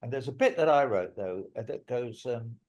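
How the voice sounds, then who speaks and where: A man's voice: medium pitch, animated, moderate pace, darkish tone. An older man, a musician guest in an interview, telling stories in a rambling, emphatic way and swearing now and then. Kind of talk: interview storytelling.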